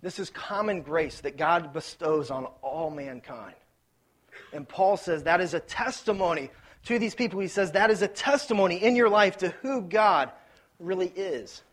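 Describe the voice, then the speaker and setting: Male pastor, sermon, high voice, joking, conversational storytelling. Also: expressive, normal speed, fairly bright tone. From Ohio.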